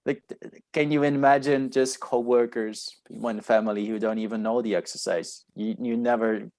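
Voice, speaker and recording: A man's voice: mid-range voice, fairly even intonation, normal speed, darkish tone. A man speaking as a guest on a podcast in casual conversation, thoughtful and hesitant as he searches for the right words.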